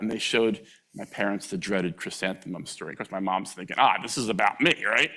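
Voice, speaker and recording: Animated male lecturer telling funny stories. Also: a little fast. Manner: animated, acts out quoted voices with sudden pitch jumps; humorous, chuckles at own anecdotes. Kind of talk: storytelling public lecture.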